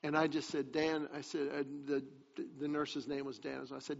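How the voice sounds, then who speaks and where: A man's voice: fairly high pitch, flat delivery, moderate pace, vocal fry, few pauses. A man giving a sermon as a pastor, telling a personal story in a confiding way that turns emphatic. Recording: long hall reverb, dull lo-fi sound.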